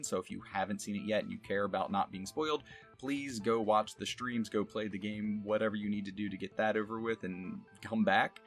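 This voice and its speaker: A man, a voice actor, talking casually about his past character voices in a relaxed, self-deprecating way with frequent laughs. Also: fairly low pitch. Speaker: voice actor and streamer. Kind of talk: casual retrospective talk.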